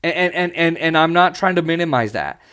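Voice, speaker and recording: Man, high voice, podcast host, solo commentary, impassioned, blunt, mocking. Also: expressive, brisk, fairly bright tone, clear, resonant tone.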